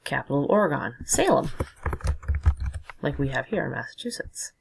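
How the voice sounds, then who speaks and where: Very low, gravelly woman teaching. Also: big pitch swings, normal speed, low-quality recording. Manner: patient, explanatory, talks while drawing. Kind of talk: recorded classroom lesson.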